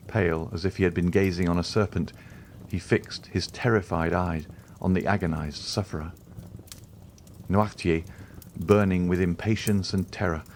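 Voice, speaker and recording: Male narrator, low voice, measured, audiobook reading. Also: a little mellow, a little hiss or hum. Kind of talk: scripted narration.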